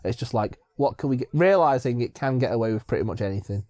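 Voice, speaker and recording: A man's voice: mid-range voice, animated, quick pace, a little mellow, no room sound. A man co-hosting a comedy film commentary, joking, laughing and often restarting his sentences. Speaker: co-host.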